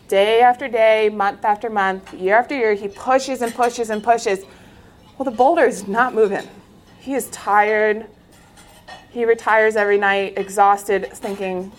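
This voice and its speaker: A woman who is a former Olympic swimmer gives an inspirational faith talk, telling her story in an earnest, animated way. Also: a little high, moderate pace.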